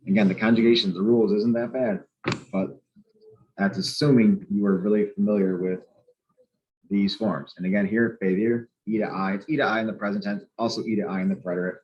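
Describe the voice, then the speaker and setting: A man with a fairly low voice walks through a grammar lesson, patient and methodical, stopping to spell out letters. The sound is slightly muffled and lo-fi. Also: steady tone, fairly quick. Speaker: Spanish teacher.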